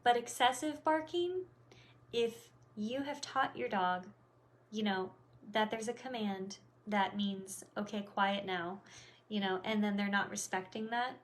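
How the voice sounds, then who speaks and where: A woman's voice: mid-range voice, measured pace. A woman dog trainer explaining things in a casual, rambling way, with lots of fillers and restarts.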